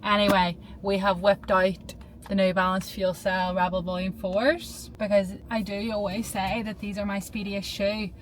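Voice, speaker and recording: A woman's voice: medium pitch, flat delivery, normal speed, a little hiss or hum. A young woman chatting casually to her camera in a vlog, talkative and nervous, filming herself outdoors and in her car. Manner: chatty, self-doubting, nervous. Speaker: vlogger.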